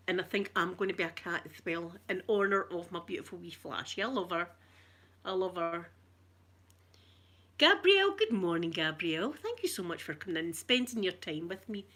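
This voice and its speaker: A woman's voice: on the low side, lively intonation, moderate pace, sharp tone. A middle-aged Scottish woman chatting to her live-stream viewers, bawdy, flirtatious and full of stories. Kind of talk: casual live-stream chat.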